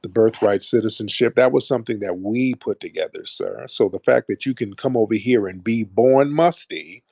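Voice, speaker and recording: A man's voice: lowish voice, moderate pace, vocal fry, hardly any pauses, dark tone, dry recording, studio quality. A man hosting a heated call-in debate, mocking and combative, talking over his caller. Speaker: host.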